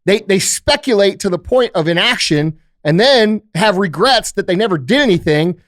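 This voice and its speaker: Guy hosting a podcast, swears a lot, punchy and emphatic, higher voice, dry studio sound. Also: expressive, normal speed, a bit bright, no room sound. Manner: profane, emphatic, acts out quoted thoughts. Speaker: podcast host. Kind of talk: casual podcast chat.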